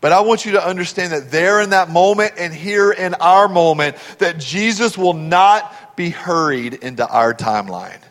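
A man from Texas delivers a sermon in a high, bright voice. He tells stories animatedly and keeps asking the congregation questions. His words trail off into the long reverb of a large church hall. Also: moderate pace, few pauses. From Texas, USA. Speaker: pastor.

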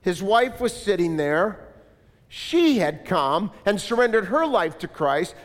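A man preaching a sermon in an animated style, asking the congregation to repeat lines after him. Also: sits high, slow, big-room sound. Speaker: pastor.

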